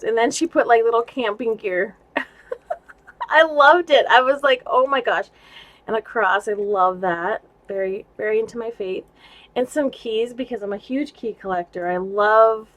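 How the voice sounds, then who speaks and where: A woman vlogging casually about craft gifts she received, gushing and excitable and laughing often, at home indoors. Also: a little high, poor audio. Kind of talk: casual show-and-tell vlog.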